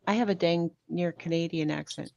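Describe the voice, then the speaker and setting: A woman's voice: lowish voice, steady tone, brisk, gravelly, warm tone. A woman guest in a casual group chat, telling stories in a conversational way. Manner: storytelling, conversational. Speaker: guest, claims interviewer.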